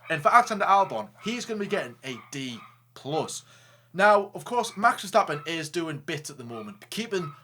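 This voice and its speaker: A man co-hosting a casual racing talk show, joking, animated and stumbling over restarts. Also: fairly high pitch, moderate pace, slight background noise. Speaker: co-host. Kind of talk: casual chat.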